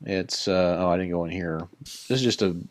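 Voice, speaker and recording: Speaking at a normal pace in a low voice, a Minecraft builder gives a relaxed tour of his creation, wandering off on tangents, joking at his own expense, and chatting with in-game mobs. His voice sounds a bit tired, and there's no echo.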